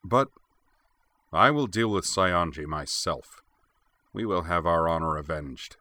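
Brief: man playing a harsh, growling warlord mentor; low, forceful audiobook voice. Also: unhurried, no room sound. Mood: stern. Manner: growling, commanding. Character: big stern older male warlord, harsh teacher.

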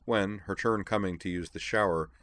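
Deep-voiced male storyteller. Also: fairly even intonation, moderate pace, a bit bright. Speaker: narrator. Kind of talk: audiobook story reading.

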